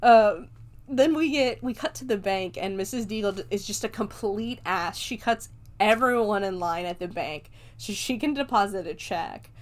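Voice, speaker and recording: A woman's voice: medium pitch, moderate pace. A woman hosting a podcast, recapping a film in a chatty, rambling way, swearing casually and laughing often. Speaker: podcast host reviewing a film.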